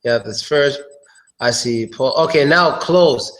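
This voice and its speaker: A man teaching English pronunciation in a casual live online lesson. He talks in a loose, chatty way, repeats words and often clears his throat. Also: mid-range voice, slow, fairly bright tone, rough recording.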